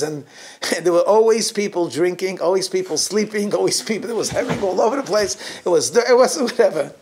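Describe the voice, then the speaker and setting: A middle-aged man, a rabbi, telling anecdotes to his congregation, often chuckling mid-sentence and restarting his phrases. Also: high-pitched. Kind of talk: anecdotal holiday talk to a congregation.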